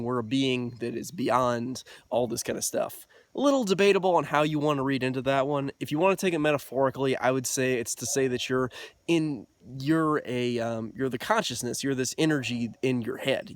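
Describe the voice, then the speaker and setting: A man's voice: mid-range voice, no echo. Chatty man talking with a dry sound. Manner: loose and chatty, heavy on "like" and "you know". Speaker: self-help video host. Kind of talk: casual explainer talk.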